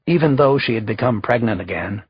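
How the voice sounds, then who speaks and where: Very husky male audiobook narrator. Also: mid-range voice, no echo. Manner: measured, even storytelling. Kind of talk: scripted narration. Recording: slightly dull lo-fi recording.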